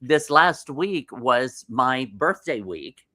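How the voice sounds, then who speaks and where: A man's voice: mid-range voice, very animated, slow pace, bright, forceful tone, dry recording, studio quality. A man co-hosting a talk show, chatting about his travels and his birthday. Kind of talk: casual chat.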